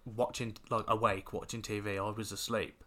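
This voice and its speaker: Low-voiced man chatting. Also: level tone, normal speed, sharp tone. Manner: rambling storyteller, many fillers. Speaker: podcast co-host. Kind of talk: casual chat.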